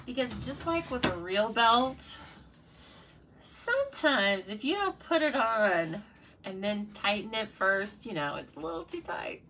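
A woman's voice: on the high side, very animated, unhurried, sharp tone, slight background noise. A woman demonstrating card-making in a casual live tutorial, chatty and playful, talking to herself and her viewers. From United States.

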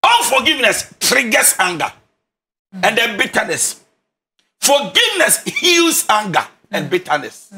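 A man's voice: sits high, very animated, normal speed, sharp tone. A man with a Ghanaian accent, a relationship counselor who gives advice in an emphatic, preacher-like way and repeats his key phrases. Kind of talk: animated counseling talk.

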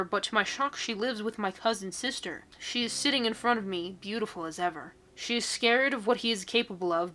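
A woman in her twenties, a YouTuber, reads social media posts aloud and reacts with sarcasm and incredulous outbursts. Her voice is mid-range and fairly bright.

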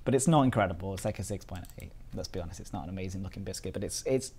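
A man's voice: sits low, very fast, darkish tone, breathy edge. Chatty British man streaming live. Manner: chatty, playful, reads chat aloud. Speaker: streamer reviewing biscuits. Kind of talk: casual live-stream chat.

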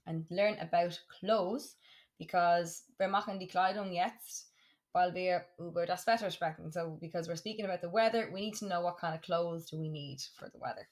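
A woman teaching a German lesson, saying words slowly and clearly and repeating them for practice. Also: fairly low pitch, a little mellow. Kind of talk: classroom lesson for students.

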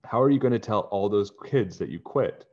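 A man's voice: lowish voice, animated, normal speed, darkish tone, highs cut off. A man voicing an earnest young girl detective.

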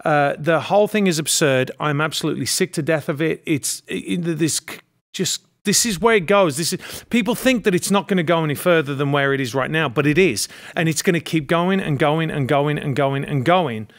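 A man talks as a show guest, rambling and exasperated. He keeps restarting his sentences. His voice sits a little higher than most men's. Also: moderate pace. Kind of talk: casual political talk.

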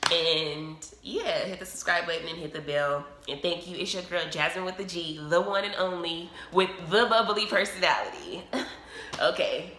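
Woman, low voice, teary and choked up, casual vlog storytime, echoey room. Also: sharp tone, a little hiss or hum. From United States. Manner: emotional, tearful, fast casual chat with many fillers. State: teary with a frog in her throat. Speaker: vlogger.

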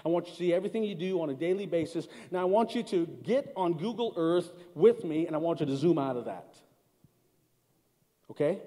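A man preaching a sermon as pastor, calling out to his congregation, swinging between loud emphatic lines and slow, quiet ones. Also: fairly high pitch, lively intonation. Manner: call-and-response with the congregation. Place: large church hall. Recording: long church reverb.

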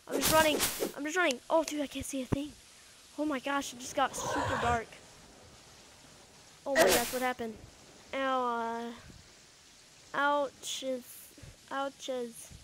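A woman giving casual, excitable let's-play commentary, talking to the game's creatures and repeating words as she plays. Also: sits high, background noise. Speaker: gamer.

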